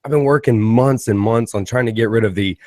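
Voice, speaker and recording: A male podcast host with a low voice talks in a loose, rambling, caffeinated way and pokes fun at himself. The recording is close and dry, with no room sound. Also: a little fast, a little mellow, no room sound. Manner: rambling, self-mocking, caffeinated. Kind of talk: casual podcast intro and chat.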